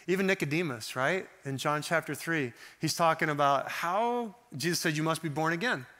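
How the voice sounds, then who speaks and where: A man preaching a sermon in a conversational, animated way, acting out the voices he quotes. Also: on the high side, moderate pace. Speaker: pastor.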